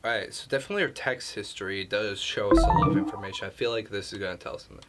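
Young man with a lowish voice, chatty gaming commentary. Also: expressive, racing, loud music behind the voice. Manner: chatty, reading messages aloud and reacting. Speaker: YouTube gamer. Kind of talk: casual let's-play commentary.

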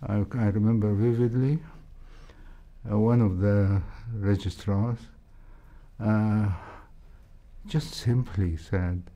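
An older man with an Egyptian accent tells stories from his years in surgery, unhurried and thoughtful. His voice is low and mellow, and he pauses often with soft hesitations. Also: fairly even intonation. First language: Arabic. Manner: slow, measured, with frequent hesitations. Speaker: interview guest, heart surgeon. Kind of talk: reflective interview storytelling.

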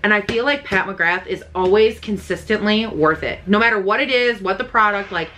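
A young woman vlogging as she unboxes makeup, gushing and excitable, swearing freely. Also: medium pitch, moderate pace, slight background noise. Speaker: beauty vlogger. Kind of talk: casual unboxing chat.

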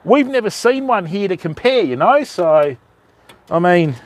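Chatty high-voiced Australian man. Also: big pitch swings, measured pace, noisy background. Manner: chatty, matey, addresses viewers as fam. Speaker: live-streamer. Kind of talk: casual live-stream chat with viewers. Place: outdoors at night by the water in rain.

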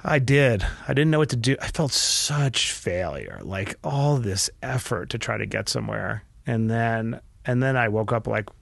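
A middle-aged man, a podcast guest, telling a candid personal story earnestly and with feeling, often restarting his sentences and dropping his voice quietly. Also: mid-range voice, expressive, normal speed, gravelly, few pauses, dry recording. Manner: earnest and emotional, with frequent restarts and quiet dips.

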